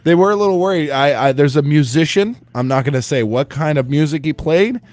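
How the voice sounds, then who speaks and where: A man's voice: fairly high pitch, expressive, a little fast, darkish tone, no room sound. A man hosting a morning radio show, chatting casually and telling stories with frequent laughter. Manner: chatty storyteller, laughs often.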